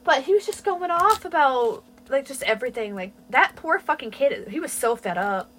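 A woman's voice: high-pitched, normal speed. A woman co-hosting a podcast, telling workplace stories in casual chat, swearing freely. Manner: profane, storytelling, lively. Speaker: podcast co-host.

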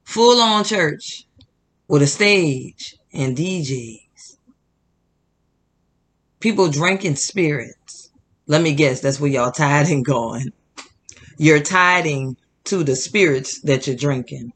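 Fired-up preachy man, high and bright. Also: takes it slowly, long pauses, breathy edge. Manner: fired-up, preachy, addresses audience as "y'all"; emphatic repetition. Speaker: Christian commentary host. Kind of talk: indignant religious commentary.

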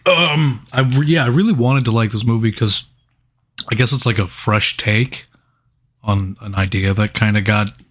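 A man's voice: on the low side, moderate pace, fairly bright tone. A man co-hosting a podcast, reviewing a movie in casual chat, rambling, swearing often and laughing between his points. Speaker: podcast co-host.

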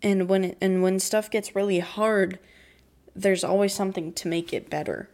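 A teenage girl hosts a casual solo podcast, rambling through a cartoon recap with lots of "like," giggling and quaking emotionally as if about to cry. Her voice is medium in pitch, steady, darkish and moderately paced.

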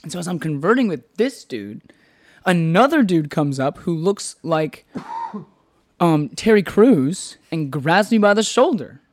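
A man hosting a podcast, telling a story in casual chat, animated, laughing often and swearing freely. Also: fairly high pitch, unhurried. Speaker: podcast host.

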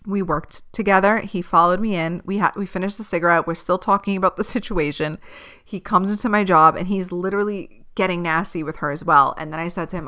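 Speaking fairly quickly in a fairly low voice, a female podcast host tells a personal story in a casual way. She's animated, swears plenty and laughs often.

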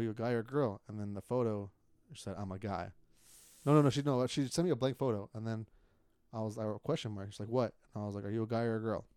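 A young man with a smooth, clear voice chats casually on a podcast, retelling events with lots of swearing and laughter. The sound is close and dry, with no room echo. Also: on the low side. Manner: profane, animated retelling with laughter. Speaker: podcast co-host. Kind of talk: casual chat, storytelling.

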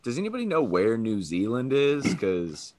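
A man's voice: mid-range voice, huge pitch swings, normal speed, darkish tone, dry recording. A man co-hosting a podcast, chatting casually and joking irreverently about a movie. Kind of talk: casual chat.

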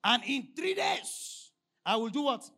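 A man preaching a sermon as pastor, prompting the congregation to finish his lines and reading scripture slowly and emphatically. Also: very high-pitched, very animated, sharp tone. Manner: call-and-response, prompting the congregation with "what?".

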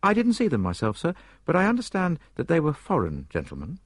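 Guy voicing plain lift attendant, kinda higher, matter of fact, husky. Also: wildly swooping pitch, fairly quick, no echo, clean studio sound. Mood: puzzled. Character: plain-spoken male lift attendant, puzzled.

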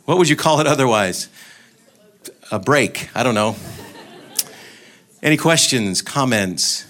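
A man's voice: medium pitch, expressive, unhurried, a bit bright. A man giving an informal talk to a group, telling anecdotes and joking, with frequent restarts. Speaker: guest speaker.

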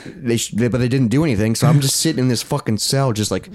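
A man's voice: mid-range voice, fast talker, a little mellow. Rambling young man telling jail stories. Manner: rambling, swears often, many likes and restarts. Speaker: podcast co-host. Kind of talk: casual chat, storytelling.

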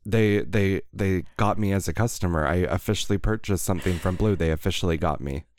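Deep and brisk with a darkish tone, this man co-hosts a podcast, chatting casually and telling stories peppered with sarcastic asides. The recording is dry and studio quality.

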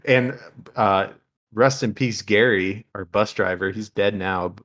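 A man with a low voice tells rowdy personal stories on a podcast. He swears freely and laughs as he talks. The delivery is loose and casual. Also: slow, a bit bright. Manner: crude, profane, laughing while telling. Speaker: podcast co-host. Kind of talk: casual storytelling.

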